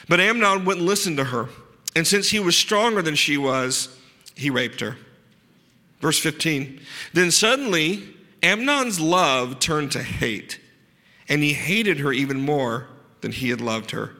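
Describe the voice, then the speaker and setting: A pastor preaching a sermon, earnest with dry asides, leaning hard on key words. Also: male voice, on the high side, lively intonation, a little slow, bright, forceful tone. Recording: long hall reverb.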